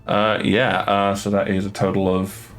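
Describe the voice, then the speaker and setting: A man narrating as game master of a tabletop game, halting with frequent restarts and fillers. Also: fairly low pitch, completely flat delivery, fairly bright tone, faint music behind. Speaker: dungeon master.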